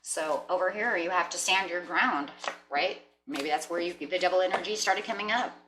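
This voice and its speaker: A woman giving a casual tarot reading, chatty, often clearing her throat and checking in with "right?" and "you know?". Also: on the low side, moderate pace, noisy background. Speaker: tarot reader. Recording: roomy echo.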